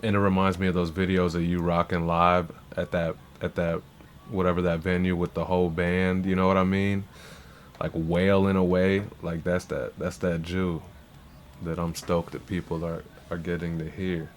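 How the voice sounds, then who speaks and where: A man's voice: sits low, flat delivery, moderate pace, slight background noise. A man hosting a livestream, reacting to rap verses in loose, profane, rambling casual talk full of restarts.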